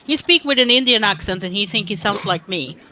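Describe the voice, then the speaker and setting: A woman's voice: mid-range voice, animated, fairly quick, pushed and bright, a little hiss or hum, low-quality recording. A woman co-hosting a live stream from a woodworking workshop, reading viewer chat aloud and teasing in casual talk.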